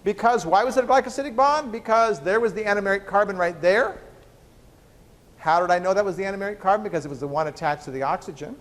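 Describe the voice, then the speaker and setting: A biochemistry professor gives a joking university lecture, peppering the class with rhetorical questions. His voice sits high and he talks fast, recorded in a reverberant lecture hall.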